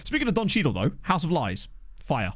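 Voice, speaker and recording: Lively, chatty young male streamer. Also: a little fast, no room sound, studio quality. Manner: chatty, answers chat, lively pitch swings. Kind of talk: casual chat while playing. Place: home streaming setup. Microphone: desk microphone.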